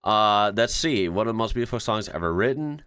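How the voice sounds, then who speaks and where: A man's voice: on the low side, animated, fairly quick, sharp tone, clean tone, no room sound, clean studio sound. An American man hosting his channel, chatting casually as he reacts to things he reads, rambling and often correcting himself. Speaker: channel host.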